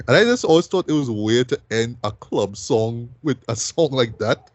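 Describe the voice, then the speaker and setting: A man's voice: mid-range voice, animated, normal speed, no room sound. A man hosting a music review show, talking loosely and casually and ending most sentences with "right?".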